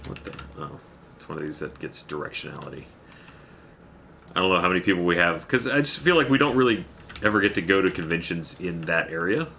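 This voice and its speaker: A man's voice: low-pitched, animated, a little fast, vocal fry, bright, forceful tone, slight background noise. A man livestreaming a game, chatting casually, rambling and thanking viewers by name as he plays. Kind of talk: casual chat while playing a game.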